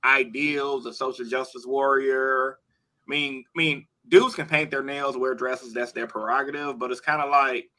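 Bright, slangy man in podcast chat. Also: medium pitch, normal speed, rough recording. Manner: animated, slangy, says "bro" a lot.

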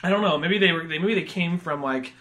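Man, podcast host, casual film chat, profane, high voice, bright tone. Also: brisk. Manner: profane, animated, shouts impressions of angry characters.

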